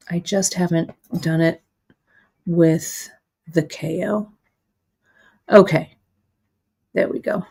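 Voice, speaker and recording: A woman's voice: fairly low pitch, a little mellow. A middle-aged woman demonstrating beadwork live, chatty and self-deprecating as she talks through her own mistakes while she works. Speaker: beading instructor.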